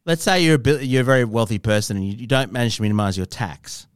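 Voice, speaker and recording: A man's voice: mid-range voice, fast, clean tone, no echo. A man co-hosting a podcast, chatting casually and making dry, wry quips. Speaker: podcast co-host. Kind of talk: casual chat.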